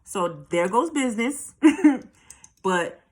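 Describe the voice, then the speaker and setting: A woman's voice: medium pitch, expressive, takes it slowly. A woman telling her own story in a blunt, profane way, often repeating a line for emphasis. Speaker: channel host telling a personal story. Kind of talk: candid personal storytelling.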